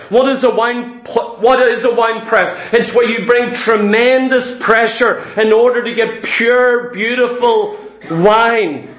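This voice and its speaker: High-voiced impassioned male preacher, echoey. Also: a bit bright. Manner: impassioned, emphatic, addresses congregation as saints. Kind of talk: sermon.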